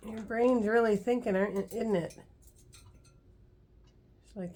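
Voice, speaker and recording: A woman's voice: medium pitch, steady tone, a little slow, pauses often, darkish tone. A woman at home filming her parrot on a handheld camera, talking to it in a playful, teasing, sing-song way. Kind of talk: casual talk to a pet. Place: home, indoors.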